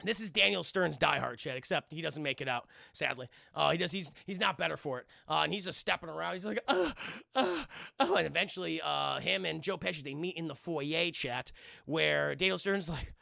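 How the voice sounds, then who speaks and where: A young man chatting to his stream audience as he retells a film's scenes, animated and profane, bursting into silly voices. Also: fairly high pitch, fairly quick, vocal fry, dry recording, clean studio sound. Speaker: streamer reviewing a film. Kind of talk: casual chat to a livestream audience.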